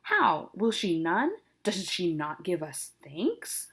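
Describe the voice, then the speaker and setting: A blustering older nobleman berates his daughter, loud and scolding, spitting out insults, as a woman reads his part aloud. The voice climbs higher and louder than a plain speaking tone as the anger builds. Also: very animated, takes it slowly, husky, heavily acted. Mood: furious. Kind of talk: dramatic reading of a play.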